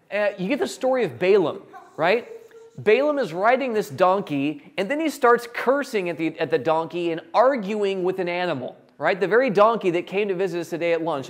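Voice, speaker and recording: A man preaching a sermon, animated and jokey, acting out characters in quick quotes. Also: sits high. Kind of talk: sermon with acted Bible quotes.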